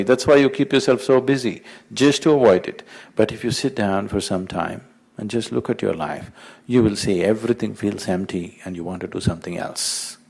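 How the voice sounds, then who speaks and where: A man giving a spiritual talk, speaking in a measured way and driving points home through repetition. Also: mid-range voice, creaky, darkish tone. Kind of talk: spiritual talk with a told joke.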